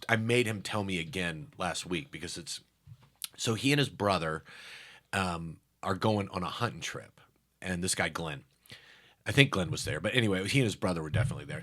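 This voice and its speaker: A middle-aged man, a comedian, telling stories in a casual interview and acting out the people in them. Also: low-pitched. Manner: animated storyteller who acts out quotes. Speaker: comedian guest.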